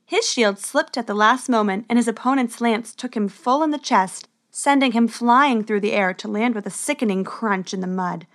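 A woman's voice: medium pitch, a bit bright. Woman reading a storybook aloud. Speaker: narrator. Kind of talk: storybook narration.

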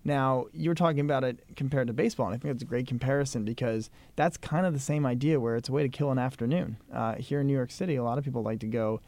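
A man's voice: medium pitch, fast talker, few pauses, a little mellow, no echo. A man co-hosting a podcast in casual chat, conversational with many fillers and asides. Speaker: podcast co-host.

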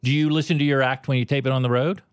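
A man's voice: mid-range voice, steady tone, racing, clean tone, no echo. A man co-hosting a comedy podcast, asking curious, probing questions in a teasing, casual tone.

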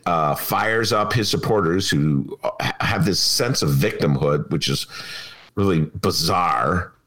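Animated, sarcastic man. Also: fairly low pitch. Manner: sarcastic, laughs loudly, gets worked up. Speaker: podcast co-host. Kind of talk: casual political chat.

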